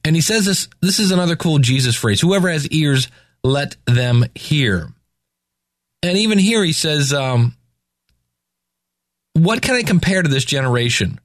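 Man, slightly higher voice, dry close sound; casual scripture reader mixing verses with chatty asides. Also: sing-song, measured pace, long pauses, dry recording. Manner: reads scripture aloud then paraphrases in slangy asides. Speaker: Bible reading commentator. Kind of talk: casual Bible reading and commentary.

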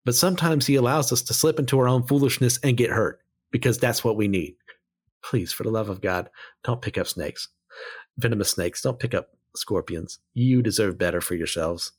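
A man talks through a Bible passage in a casual, blunt way. He states strong opinions plainly and keeps drifting onto side tangents before returning to his point. His voice sits in an ordinary middle pitch. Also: moderate pace, husky. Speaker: Bible study teacher.

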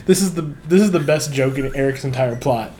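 A man co-hosting a casual chat that recaps a TV episode, animated and quick to laugh, acting out the characters' lines. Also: medium pitch, slight background noise. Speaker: podcast co-host.

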